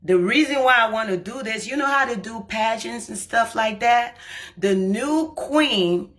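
A young adult woman from Liberia telling a comic personal story to camera, lively and acting out the quoted lines. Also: measured pace. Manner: animated, acts out quoted lines with rising pitch and volume. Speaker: comedian storyteller.

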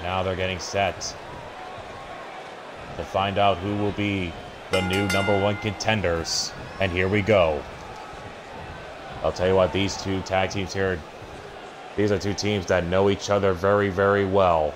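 A man giving excited play-by-play commentary over a wrestling video game, breaking into startled exclamations and stumbling over restarts. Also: deep voice, measured pace, long pauses, background noise.

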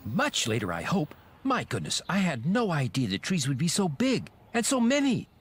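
A man's voice: on the high side, wildly swooping pitch, normal speed, husky, full character voice. An actor playing a kindly older grandfather, cheerful and chatty with old-fashioned turns of phrase, in a cartoon. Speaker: Bob's father. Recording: cartoon soundtrack with loud music.

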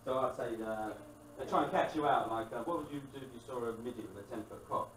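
A man's voice: mid-range voice, quick pace, a little hiss or hum. A man doing a crude, wry stand-up set and hosting the show, mocking people in quoted voices. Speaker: stand-up comedian and show host. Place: live comedy venue, echoey room with loud music. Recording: echoey live room, distant mic, loud music.

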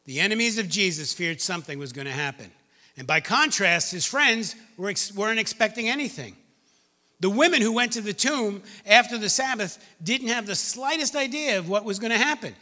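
A man with a high, bright voice preaches a lively sermon, reading scripture and throwing in playful asides. His voice rings with a long reverb from a church hall. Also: a little fast. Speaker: pastor. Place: church sanctuary.

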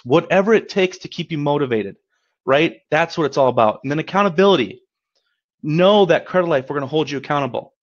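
A man's voice: fairly high pitch, muffled recording. A man giving a webinar as a coach, talking in an upbeat, encouraging, conversational way, often checking in with "right?". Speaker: credit repair coach. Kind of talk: webinar presentation.

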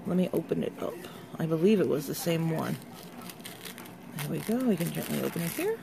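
A woman vlogger chatting casually through an unboxing, excitable and gushing over each product. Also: low-pitched, brisk, vocal fry, background noise.

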